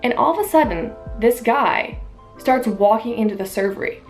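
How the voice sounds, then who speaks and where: A woman's voice: on the high side, normal speed, faint music behind. Young woman ranting about waitressing. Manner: animated, emphatic retelling with quoted dialogue. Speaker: vlogger, waitress. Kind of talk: casual storytelling rant.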